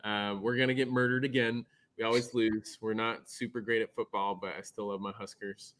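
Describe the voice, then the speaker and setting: A man's voice: on the low side, little pitch movement, a little fast, a bit bright. A man from Nebraska hosting a podcast, chatting casually over a remote call in an upbeat, friendly way and asking chatty questions. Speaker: podcast host. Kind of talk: casual interview chat.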